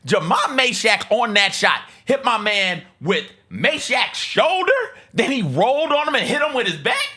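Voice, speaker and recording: Animated, bright-voiced man talking sports. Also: extremely high pitch, moderate pace, breathy edge. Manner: animated, acts out players in voices. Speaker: sports show co-host. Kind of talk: casual sports talk.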